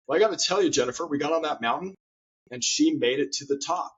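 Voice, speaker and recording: A man's voice: a little high, fast, breathy edge, muffled recording. A man, a guest author in an interview conversation, telling stories earnestly and often repeating his words as he goes.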